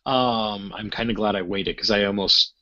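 A man's voice: fairly low pitch, normal speed, a crowd in the background. A man co-hosting a gaming podcast, telling a story in a rambling way full of fillers and restarts. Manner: rambling, many fillers and restarts, animated when acting out quotes. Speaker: podcast co-host. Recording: dull lo-fi sound.

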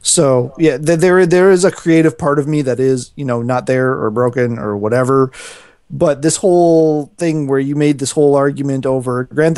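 A man's voice: mid-range voice, normal speed, darkish tone, smooth, no echo, studio quality. A man co-hosting a podcast in casual chat, hesitant and stammering through restarts. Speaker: podcast co-host.

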